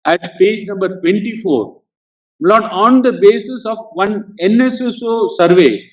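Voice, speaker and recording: Indian english lawyer man arguing in court, keeps saying lord, kinda high voice, echoey hall picked up from far off. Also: unhurried. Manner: addresses the bench as Lord at almost every phrase, insistent. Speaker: advocate arguing before a court. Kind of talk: courtroom legal argument. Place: large courtroom. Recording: echoey courtroom sound from a distance.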